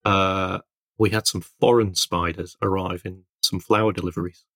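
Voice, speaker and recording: Low gravelly man, rambling casual chat. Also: fairly even intonation, normal speed, fairly bright tone, dry recording, studio quality. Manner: rambling, self-interrupting storyteller. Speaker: podcast co-host, illustrator.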